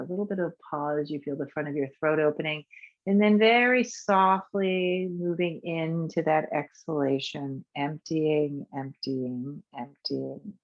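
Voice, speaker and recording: A woman yoga instructor leading a guided breathing and movement practice in a soft, calm way, her voice trailing off quietly on the exhales. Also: low voice, lo-fi sound.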